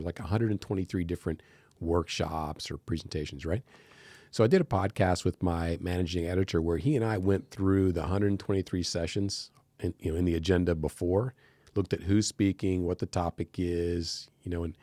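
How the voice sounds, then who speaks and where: Deep-voiced American man telling animated stories. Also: no room sound. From United States. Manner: animated storyteller, acts out quoted voices. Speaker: podcast guest. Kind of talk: casual interview chat. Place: podcast studio.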